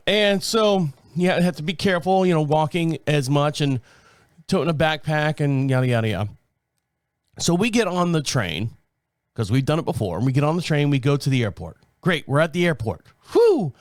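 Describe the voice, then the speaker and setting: Lively man telling a travel story. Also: a little high, moderate pace, dry recording, studio quality. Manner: animated, profane, laughs often. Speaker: podcast host. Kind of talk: casual storytelling.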